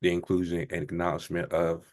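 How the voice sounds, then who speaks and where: A man with a Baltimore accent hosts a relaxed interview conversation. His voice is low, and his delivery is easygoing and chatty. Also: fast. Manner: easygoing, laughs often.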